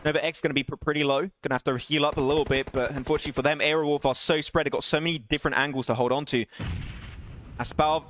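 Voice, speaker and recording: A young man casting an online shooter match alone, excitable, his voice jumping up on big plays and laughing at himself between calls. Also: fairly high pitch, fast. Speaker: esports caster streaming solo. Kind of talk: live game commentary with chat asides.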